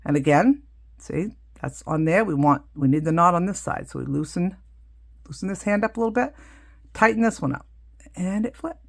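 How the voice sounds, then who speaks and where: A woman's voice: lowish voice, animated, moderate pace, vocal fry, long pauses. A middle-aged woman casually demonstrating a craft, chatty and full of asides as she works. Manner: chatty, explains hands-on with many asides. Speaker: craft teacher.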